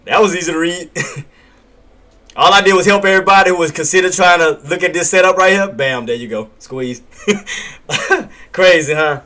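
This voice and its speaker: A man on a live trading stream talks his viewers through each level in a fairly high voice. He circles back to the same points, fires rhetorical questions and answers them, and breaks into a quick chuckle or a "bam" as the market moves. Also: bright, forceful tone. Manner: punctuates calls with "bam" and chuckles. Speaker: day-trading livestream host.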